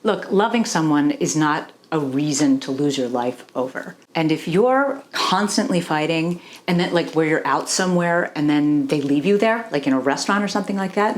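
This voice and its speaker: A woman's voice: low-pitched, a little hiss or hum. A woman relationship coach speaking candidly and earnestly to the camera, confiding personal experience and often checking in with the listener.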